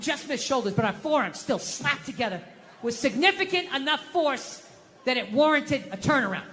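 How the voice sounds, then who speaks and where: A man doing stand-up comedy in front of an audience, swearing, ranting, and swinging between loud outbursts and low muttering. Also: animated, normal speed. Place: comedy theater stage with audience. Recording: live hall with long reverb and faint noise.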